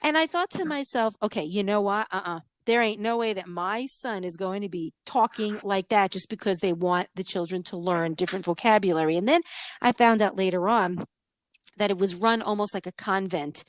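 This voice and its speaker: Animated middle-aged woman podcast host. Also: medium pitch, moderate pace. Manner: animated storyteller, acts out quoted voices. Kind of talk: casual chat.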